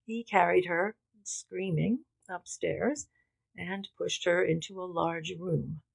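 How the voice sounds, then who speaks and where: Slow gravelly woman narrator. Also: lowish voice, no echo, rough recording. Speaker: audiobook narrator. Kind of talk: scripted narration.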